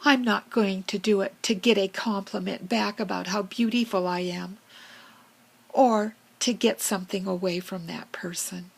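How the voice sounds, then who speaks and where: A woman voicing a friendly, vain female fox who tells a children's story in a whispered role-play, with a slow, breathy manner. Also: medium pitch, steady tone, poor audio. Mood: earnest.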